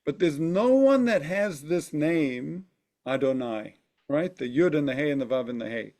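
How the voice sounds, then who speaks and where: A man's voice: on the high side, animated, moderate pace, dark tone. A man teaching a text study class, thinking aloud and often checking in with his listeners. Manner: thoughtful, often asks "right?".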